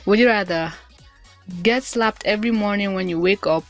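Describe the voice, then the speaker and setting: A young woman vlogging casually, reading would-you-rather questions aloud and thinking out loud as she answers them. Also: mid-range voice, moderate pace, soft background music. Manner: chatty and musing, thinks out loud with restarts.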